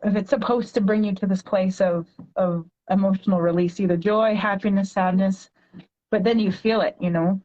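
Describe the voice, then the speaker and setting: An earnest woman speaks in a mid-pitched voice, moving between casual conversation and slow, deliberate readings of her own poems. The audio is dull and lo-fi. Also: fairly even intonation, warm tone. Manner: earnest, reads poetry slowly and deliberately. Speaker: podcast guest, poet.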